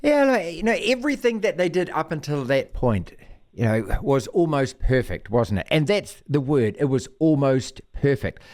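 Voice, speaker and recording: A male radio sports host chatting in a lively, teasing manner. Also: on the high side, moderate pace. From New Zealand. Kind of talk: casual sports chat.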